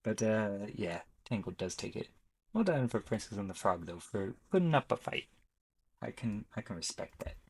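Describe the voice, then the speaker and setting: A man's voice: on the low side, big pitch swings, moderate pace, gravelly, husky, rough recording. A young man giving chatty, rambling commentary as he ranks films on his channel, often correcting himself mid-sentence. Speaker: YouTuber ranking films. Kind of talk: casual commentary.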